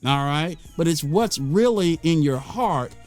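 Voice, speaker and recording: A man's voice: fairly high pitch, a little slow, faint music behind. An American man giving an impassioned, preachy monologue to the camera, repeating phrases for emphasis and getting worked up. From United States. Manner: gets worked up, then calms himself. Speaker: vlogger.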